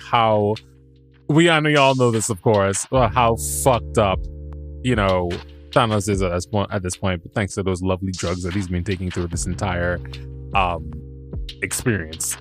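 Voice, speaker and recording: Over soft background music, a male podcast host with a lowish voice recaps a show at an ordinary pace. He's loose and meandering, stammering and starting over, cursing freely and chuckling at himself.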